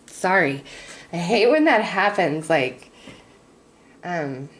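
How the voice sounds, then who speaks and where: Low, slow-talking woman reading tarot. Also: lively intonation, a bit bright, rough recording. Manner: halting, many fillers, becomes emotional. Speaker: tarot reader. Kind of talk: casual spiritual reading to viewers.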